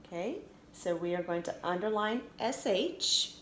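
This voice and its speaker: A woman with a lowish voice teaches a recorded phonics lesson, sounding out each letter in a slow, deliberate way. She speaks in an echoey room with a faint hiss of noise behind her. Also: lively intonation, fairly bright tone.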